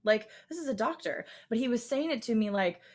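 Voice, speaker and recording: A woman's voice: a little high, expressive, fairly quick. A young American woman speaking candidly on a casual panel discussion, with a chatty rhythm full of "like" and "right?" tags. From United States. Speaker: panelist, vocal coach.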